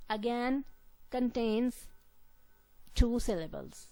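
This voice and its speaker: A woman teaching a lesson at a slow, careful pace. Her voice sits a little high and she repeats key words for emphasis. The sound is close and dry, with no room echo. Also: darkish tone, faint music behind. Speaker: lecturer. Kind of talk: classroom lecture.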